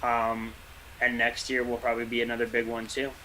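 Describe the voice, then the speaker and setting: Bright-voiced, opinionated fan talking shop. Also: male voice, mid-range voice, completely flat delivery, brisk, a little hiss or hum, low-quality recording. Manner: opinionated fan, ranting with a laugh. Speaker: podcast co-host. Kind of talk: casual sports chat.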